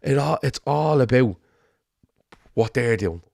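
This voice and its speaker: A middle-aged man with a Liverpool accent, co-hosting a casual football chat, animated and sweary, rambling with restarts. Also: medium pitch, a little slow, vocal fry, slight background noise. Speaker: podcast co-host.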